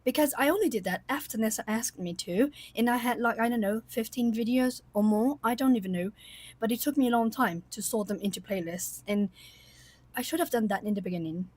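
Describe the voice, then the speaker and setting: A woman host chatting casually with her viewers on a livestream, rambling warmly with many fillers and little laughs. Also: fairly high pitch, brisk, no room sound. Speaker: coloring channel host.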